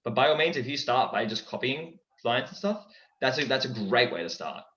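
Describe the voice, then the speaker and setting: A young man chatting casually as a guest in an interview, lively and dropping into character voices. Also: mid-range voice, fairly quick. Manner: animated, breaks into character voices. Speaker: guest, impressionist. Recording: dull, echoey recording.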